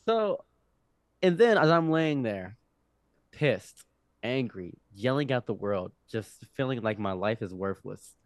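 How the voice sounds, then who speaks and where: Speaking slowly in a mid-range voice, a twenty-something man appears as a podcast guest and spins a meandering, animated tale, often starting over. The sound is dry.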